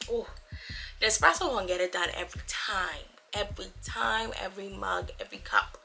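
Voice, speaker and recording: A woman's voice: medium pitch, very animated, normal speed, pushed and bright, soft background music. A young woman in a casual vlog to camera, talking in a playful, chatty way with slangy asides in her morning voice. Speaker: vlogger.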